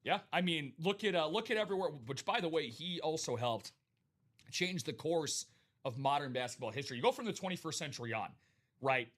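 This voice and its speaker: Man, live-stream host, energetic, hype-style, slightly high voice. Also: a little fast. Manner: energetic, hype-style, greets viewers by name. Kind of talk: casual live-stream chat.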